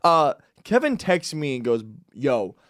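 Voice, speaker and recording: Animated young man telling a story. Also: a little high, unhurried. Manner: animated storyteller, acts out quotes. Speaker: podcast co-host. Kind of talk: casual podcast chat.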